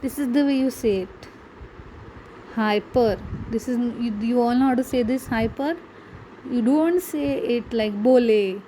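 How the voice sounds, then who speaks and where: A woman's voice: on the high side, measured pace, mellow, a little hiss or hum, poor audio. A woman teaching a grammar lesson, patiently explaining and asking her students rhetorical questions. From India. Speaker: English teacher.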